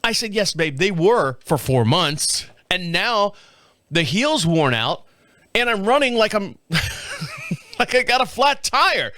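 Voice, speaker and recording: A man's voice: high voice, very animated, unhurried, bright, forceful tone, no room sound. A middle-aged man hosting his own show, telling a rambling story to camera in casual chat and laughing often, recorded in a small home studio. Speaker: podcast host. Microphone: studio mic on camera.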